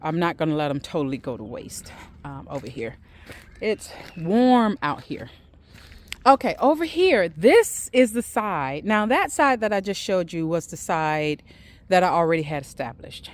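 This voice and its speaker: Woman vlogger, unhurried and chatty, giving a backyard garden tour outdoors. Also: lowish voice, very animated. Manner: warm, faith-filled, chatty and repetitive.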